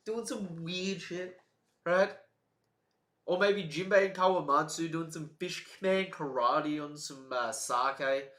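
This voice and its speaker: Brief: excitable male streamer, bright voice, slow unhurried delivery, echoey room. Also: a little high. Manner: excitable, swings between loud outbursts and soft mumbling. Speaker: streamer reacting to a comic chapter. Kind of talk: live reaction commentary.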